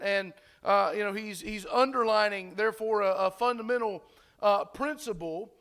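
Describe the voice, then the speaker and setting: A man's voice: high-pitched, normal speed, a bit bright. A pastor preaching a sermon to his congregation in a loose, conversational way, with many fillers and restarts, and putting questions to the listeners.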